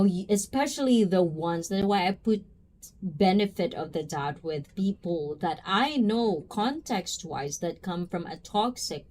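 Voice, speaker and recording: A woman's voice: medium pitch, mellow. A woman hosting a casual livestream, chatting with viewers and calling them by name. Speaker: livestream host reacting to chat.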